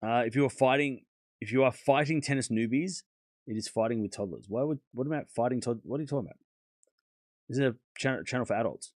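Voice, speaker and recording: A man's voice: mid-range voice, quick pace, dry recording, studio quality. Blunt man with a sore throat. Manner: blunt and animated, scolding chatters, swearing. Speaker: tennis livestream host. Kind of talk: casual livestream chat to viewers' comments.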